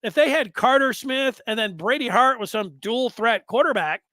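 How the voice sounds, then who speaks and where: A man's voice: extremely high pitch, normal speed, bright, forceful tone, dry recording. A man in his fifties hosting a sports podcast, talking in a rambling, conversational way with asides and restarts. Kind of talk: casual sports podcast commentary.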